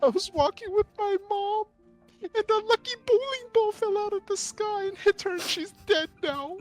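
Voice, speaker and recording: A man voicing a crying little girl in a high, shrill voice while telling a joke. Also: moderate pace, soft background music. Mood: tearful.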